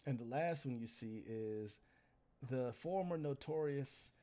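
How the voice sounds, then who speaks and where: A man's voice: mid-range voice, unhurried, dark tone. A man running a tabletop role-playing game as game master, narrating scenes in a loose, conversational way.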